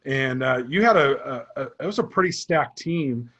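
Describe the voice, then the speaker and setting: A man hosting a conversational interview about sports vision training, casual and relaxed, with many fillers. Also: medium pitch, moderate pace, dull audio.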